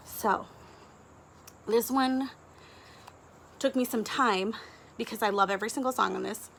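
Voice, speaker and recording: A woman, a book vlogger talking casually to camera, gushing and chatty with quick asides and giggles. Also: on the high side, creaky, a bit bright, a little hiss or hum.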